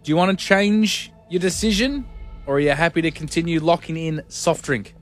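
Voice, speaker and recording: A man's voice: fairly high pitch, moderate pace, soft background music. A young Australian man hosting a radio call-in game, joking and teasing callers. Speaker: radio host. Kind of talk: casual radio banter.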